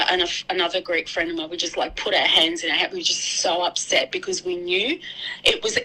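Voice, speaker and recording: Earnest Australian woman guest, bright and forceful, restarts her sentences. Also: lowish voice, poor audio. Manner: earnest, halting, many restarts. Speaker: guest commentator. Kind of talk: casual talk show discussion.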